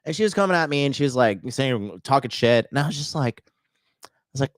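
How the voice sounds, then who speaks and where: A man coaching on dating and fitness in a blunt, profane podcast monologue, now and then mocking others in a high put-on voice. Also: lively intonation, fairly quick, no echo, clean studio sound.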